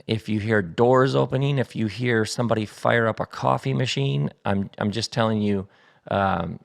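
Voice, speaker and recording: Gravelly-voiced man chatting from his kitchen. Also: lowish voice. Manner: chatty and playful, laughs easily. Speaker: podcast host. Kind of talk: casual solo podcast monologue. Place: home kitchen table. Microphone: studio mic set up at the table.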